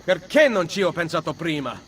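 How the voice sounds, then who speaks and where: An actor playing a calm, cunning assassin in a game, speaking in a measured, dry, confident way. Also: male voice, a little high, big-room sound, a little hiss or hum. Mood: scheming.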